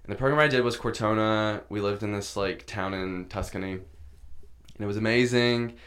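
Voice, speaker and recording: A man's voice: fairly low pitch, fairly even intonation, moderate pace, a bit bright. A man in his twenties, a podcast guest, telling a story in casual chat and laughing often as he goes.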